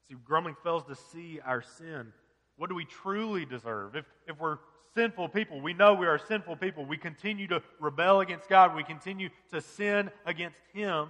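Bright-voiced preaching man, echoing hall. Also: on the high side, moderate pace. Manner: earnest preaching with rhetorical questions. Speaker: pastor. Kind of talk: sermon.

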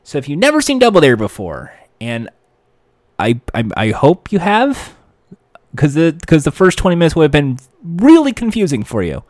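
A man narrating a story in a comedic way, animated and jokey, with self-correcting asides. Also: on the high side, moderate pace, dry recording, clean studio sound.

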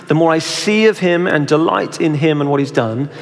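A man's voice: fairly high pitch, normal speed, vocal fry. A young man preaching a sermon in a conversational way, often asking his listeners questions. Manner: conversational, asks the audience questions. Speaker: pastor. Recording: reverberant hall.

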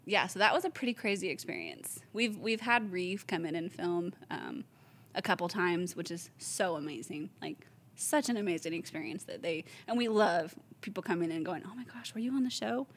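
A woman, a store owner casually telling lively stories, acting out the voices of the people she quotes. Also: fairly low pitch, normal speed. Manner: animated storyteller, acts out quoted voices, laughs often. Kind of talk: casual chat.

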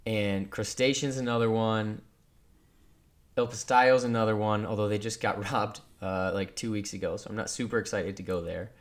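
A man's voice: fairly low pitch, steady tone, normal speed. A man co-hosting a casual podcast chat, rambling and teasing his friend, with frequent swearing. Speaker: podcast co-host.

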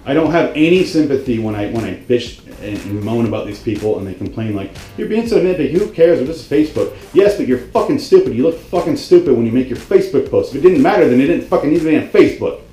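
A man's voice: medium pitch, lively intonation, quick pace, few pauses, mellow, roomy sound, soft background music, rough recording. A man hosting a video, delivering a comedic grammar rant that is profane, exasperated and sarcastic. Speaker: video host.

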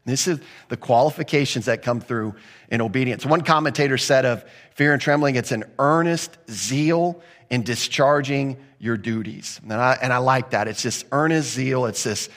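A man preaching a sermon in a conversational way, with quick acted asides and rising emphasis. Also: mid-range voice, fairly bright tone. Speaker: pastor.

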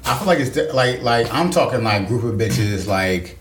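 A man's voice: mid-range voice, animated, moderate pace. A man co-hosting a casual podcast, crude and teasing, laughing often and calling people "bro". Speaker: podcast co-host. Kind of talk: casual chat. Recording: echoey room with faint noise.

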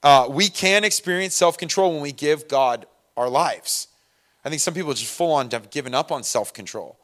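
A man's voice: a little high, lively intonation, moderate pace, a bit bright. Man giving a casual, chatty sermon. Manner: conversational, many fillers and asides. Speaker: pastor.

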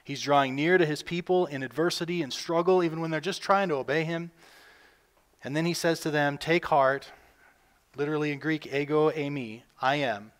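A man preaching a sermon as pastor, earnest, with his voice lifting and getting louder when he reads scripture aloud. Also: fairly even intonation, brisk. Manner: earnest, rises in pitch and volume when reading scripture.

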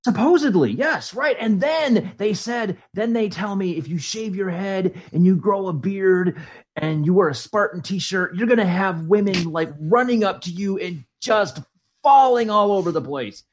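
A man's voice: sits high, animated, measured pace. A man telling a casual story about being a single dad, stumbling and restarting as he goes.

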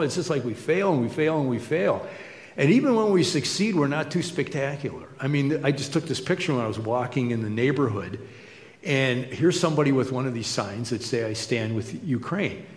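Middle-aged preacher in an echoey hall. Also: male voice, mid-range voice. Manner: conversational, storytelling with asides. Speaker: pastor. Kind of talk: sermon. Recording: echoey hall with long reverb.

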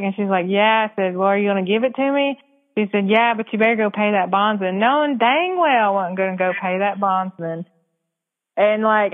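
Frank woman on a tinny line. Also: mid-range voice. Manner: casual, frank, laughs often. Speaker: podcast guest. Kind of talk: candid storytelling.

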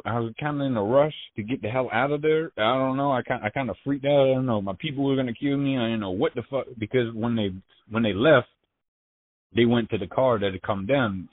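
A man telling his story in casual, profane slang, halting and restarting often. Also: medium pitch. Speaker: interviewee. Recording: tinny phone line.

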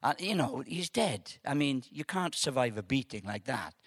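A man preaching a testimony sermon, telling his story with animated, halting repeats and dropping softly into an invitation to pray. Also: medium pitch, husky, no echo, studio quality.

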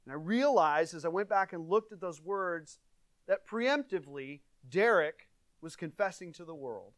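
A male pastor preaches in an earnest, conversational way, rising to stress a point and sinking low and soft for reflection. His voice sits a little high for a man, and the recording is dry and close, with almost no room sound. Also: animated, normal speed, dry recording. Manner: earnest, conversational preaching with dynamic swings in volume. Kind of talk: sermon.

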